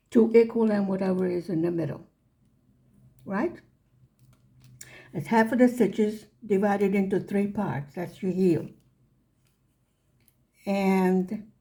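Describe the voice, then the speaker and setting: A woman's voice: medium pitch, gravelly, mellow. A woman telling a chatty, self-deprecating story about her knitting, acting out the other voices in each exchange. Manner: chatty, self-deprecating, acts out quoted dialogue. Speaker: knitting vlogger. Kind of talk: casual storytelling.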